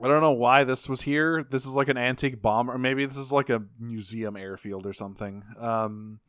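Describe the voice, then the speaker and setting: A man co-hosting a casual chat, retelling a cartoon episode in animated fashion and laughing often. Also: mid-range voice, moderate pace, clean tone, no room sound, studio quality. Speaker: podcast co-host.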